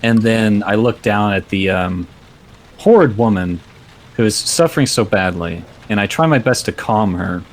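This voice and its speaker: Deep-voiced male tabletop player. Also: normal speed. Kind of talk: playing in a tabletop game.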